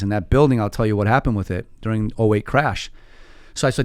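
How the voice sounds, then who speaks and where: Animated man telling a story. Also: medium pitch, no echo, clean studio sound. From Iran. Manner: animated, quick, lots of fillers and quoted voices. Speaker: podcast guest. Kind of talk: casual storytelling.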